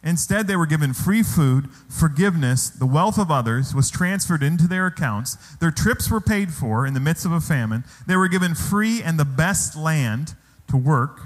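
Man preaching in a reverberant hall. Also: on the high side. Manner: preaching with rhetorical questions to the congregation. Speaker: pastor. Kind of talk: sermon. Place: church hall.

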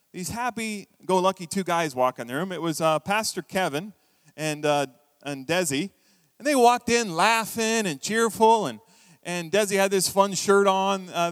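A middle-aged man preaching a sermon in a church, telling stories with lively acted-out quotes. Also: high-pitched, no echo, big-room sound. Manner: storytelling, animated, acts out quoted voices. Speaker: pastor. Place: church hall.

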